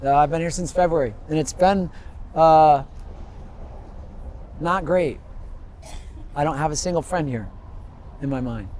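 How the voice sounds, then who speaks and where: A man in his fifties speaks a little higher than most men, wandering from one memory to the next with lively, laughing storytelling. He is recorded outdoors, with faint street noise under his voice. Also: measured pace, pauses often. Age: 50s. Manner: rambling, animated storytelling, laughs often. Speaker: interviewee. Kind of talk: street interview.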